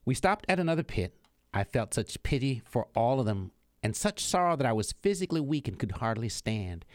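A man's voice: medium pitch, very animated, fairly quick, dry recording. Earnest man reading a religious book. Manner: earnest, pleading, emphatic. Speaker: audiobook reader.

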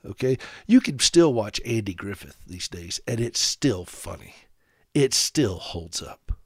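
A man from South Carolina hosting a radio talk show, speaking straight to his listeners with sarcastic, animated humor. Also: on the low side, unhurried, slightly rough, no echo, studio quality. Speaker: radio host.

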